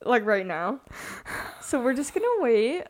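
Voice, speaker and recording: A young woman co-hosting a podcast, reading creepy stories aloud in a hushed, subdued tone between casual chat. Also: fairly high pitch, very animated, measured pace. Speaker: podcast co-host.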